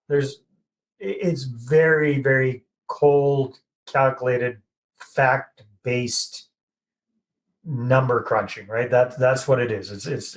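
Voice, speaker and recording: A man's voice: medium pitch, slight background noise, rough recording. A middle-aged man hosting a podcast, casually rephrasing and summing up his guest's points. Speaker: podcast host. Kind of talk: podcast interview.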